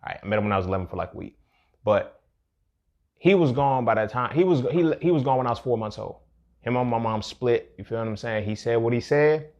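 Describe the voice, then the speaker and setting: Gravelly man in a reflective monologue. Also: medium pitch, expressive, quick pace, darkish tone, dull audio. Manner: profane, streetwise, reflective, says "you feel me" often. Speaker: podcast host. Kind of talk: casual personal monologue.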